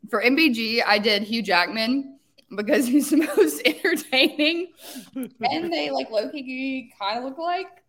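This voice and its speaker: A woman's voice: high-pitched, lively intonation, a little slow, a bit bright. A woman co-hosting a podcast in a casual chat, talking with lots of "like" and "um". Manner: chatty, filler-heavy, with "like" and "um". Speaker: podcast co-host.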